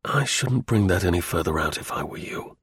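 A man gives voice to a kind young officer, gentle and quietly reassuring. His voice sits low and plain. The recording is dry and close. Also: a little fast, husky, dry recording. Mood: earnest. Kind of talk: audiobook character voice.

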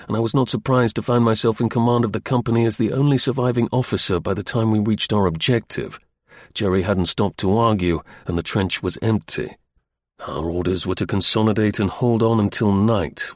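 A man reading a first-person story aloud as an audiobook narrator, in a measured, wry storytelling manner. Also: on the low side, a little mellow, no room sound, studio quality.

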